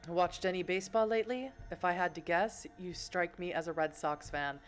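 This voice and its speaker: A woman voicing a smooth, polite male vampire sheriff with a quietly menacing, mocking manner, read in a video game stream. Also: lowish voice, moderate pace, soft background music, close to an everyday voice. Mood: teasing.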